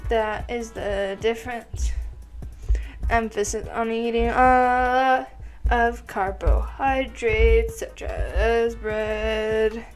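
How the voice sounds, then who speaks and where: A teenage girl talking through her study notes in a slow, offhand way and swearing casually. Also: a little high, steady tone, soft background music. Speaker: student.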